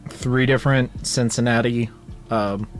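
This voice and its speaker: A man's voice: mid-range voice, steady tone, unhurried. A man co-hosting a podcast in casual chat, easygoing and given to short agreeing replies. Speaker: podcast co-host.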